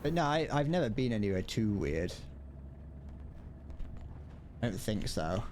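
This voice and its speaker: A man's voice: lowish voice, very animated, unhurried, darkish tone, a little hiss or hum. A young British man chatting casually while gaming on a live stream, rambling and self-deprecating, swearing now and then and tripping over restarts.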